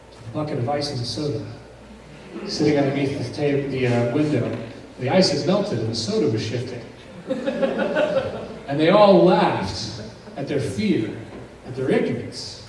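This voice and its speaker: A man's voice: on the high side, a little mellow, a little hiss or hum. A male pastor telling a story in a sermon, acting out the dialogue as the tension builds. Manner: dramatic storyteller, acts out dialogue with rising intensity. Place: church sanctuary. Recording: echoey church heard from a distance.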